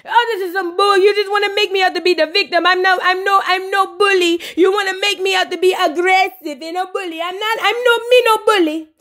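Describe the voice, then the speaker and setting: A woman's voice: extremely high pitch, big pitch swings, fairly quick, hardly any pauses, fairly bright tone, full character voice. A woman voicing a defensive, tearful dancehall singer in a put-on Jamaican patois, repeating herself in broken speech. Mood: upset, whiny.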